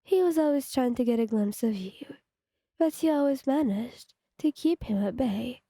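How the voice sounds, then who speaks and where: Brief: young woman fan fiction narrator, even read-aloud tone, dry recording. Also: a little high, moderate pace, dry recording.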